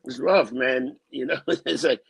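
A man co-hosting a podcast, chatting emphatically and repeating himself, with a gravelly, husky voice. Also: medium pitch, a little slow, no echo. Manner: emphatic, repeats himself, says dude a lot. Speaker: podcast co-host. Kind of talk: casual banter.

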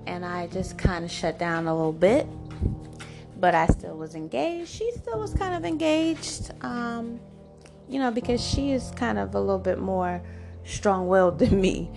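A woman in her forties hosting a podcast, telling a personal story in a chatty, animated way full of "like" and "you know". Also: mid-range voice, measured pace, gravelly. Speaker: podcast host. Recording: music playing underneath. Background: background music.

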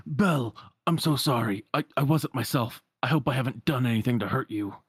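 A man's voice: mid-range voice, brisk, husky, dry recording, close to an everyday voice. Man voicing a remorseful beast master, apologetic, dry close sound. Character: remorseful male beast, gruff royal master.

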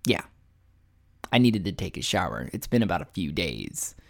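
A man's voice: low voice, very animated, normal speed, creaky. A man talking straight to the camera in a casual, rambling vlog monologue, full of fillers, restarts and swearing, laughing at himself. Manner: self-mocking, laughs at his own story. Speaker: vlogger.

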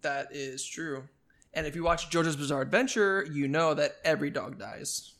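A man with a fairly high, fairly bright voice co-hosts a casual podcast chat. He jokes and swears, often halting mid-sentence to start over.

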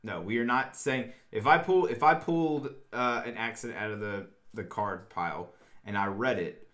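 A man's voice: on the low side, moderate pace, fairly bright tone. A man co-hosting a casual couple's chat, easygoing and explaining things with lots of fillers. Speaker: co-host.

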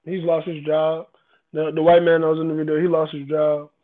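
A man's voice: a little high, monotone, brisk. A man in a casual debate, emphatic and profane, often repeating himself. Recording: tinny phone-like sound.

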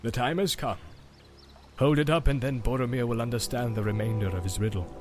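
A man's voice: mid-range voice, brisk, over music, lightly acted. A man voicing a solemn old wizard in a read-aloud story.

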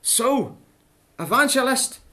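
A preacher tells a children's Bible story slowly in a high voice. Playful and animated, he keeps asking the children questions.

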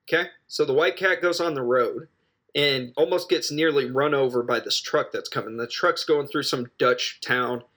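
Bright-voiced jokey man rambling through a film recap. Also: mid-range voice. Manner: jokey, digressive, quick asides and self-corrections. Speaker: film reviewer.

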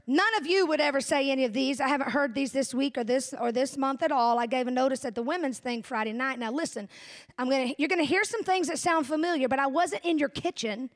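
High-voiced woman preaching. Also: fast. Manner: animated, folksy, humorous preaching with audience asides. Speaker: pastor. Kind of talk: sermon.

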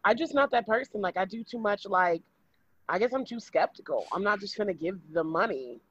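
A woman's voice: medium pitch, lively intonation, a little fast, fairly bright tone, breathy edge, highs cut off. A woman co-hosting a casual podcast, blunt and skeptical, often laughing as she chimes in. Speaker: podcast co-host. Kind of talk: casual chat.

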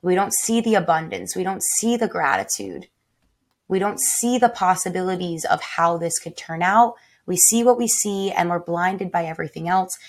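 A woman's voice: fairly low pitch, animated, normal speed. A woman in her tiny home, talking straight to her listeners in a raw, heartfelt way, with frequent swearing and spoken reminders to herself. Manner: emotional, swearing, heartfelt, self-talk. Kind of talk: raw personal reflection.

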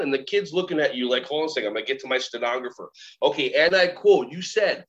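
A man guesting on an interview, a workshop trainer and keynote speaker, tells stories in a lively, animated way, acting out the voices of kids and teachers. His voice is medium-pitched and quick, and the recording is slightly muffled.

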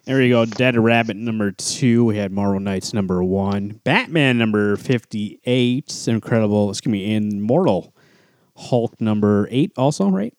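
A man co-hosting a podcast, running through a list in a loose, halting way with fillers. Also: lowish voice, darkish tone, dry recording. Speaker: podcast co-host. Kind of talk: casual chat listing new releases.

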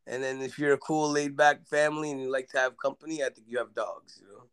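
A man in a casual podcast chat, animated and joking, acting out animals' thoughts in quick put-on voices. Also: mid-range voice, clean tone. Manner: animated, laughs, acts out pets in put-on voices.

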